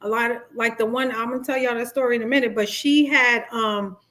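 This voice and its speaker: A middle-aged woman life coach, talking casually to a live-stream audience and acting out quoted dialogue. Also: a little fast. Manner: chatty, animated, acts out quoted dialogue in high voices. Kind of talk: live-stream talk on narcissistic abuse.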